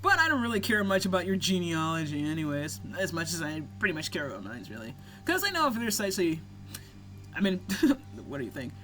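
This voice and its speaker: A woman's voice: fairly low pitch, sing-song, a little fast, fairly bright tone, a little hiss or hum. A young American woman chatting casually while playing a video game, laughing often and swearing freely. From United States. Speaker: let's play co-host. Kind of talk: casual gaming banter.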